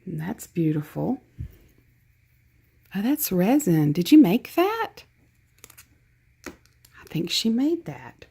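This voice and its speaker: A woman's voice: lowish voice, sing-song, slow, creaky, long pauses, mellow, husky. A woman with a Southern US accent chatting casually as she opens a craft gift package, gushing and laughing at herself. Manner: gushing, self-deprecating, chatty. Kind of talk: casual unboxing chat.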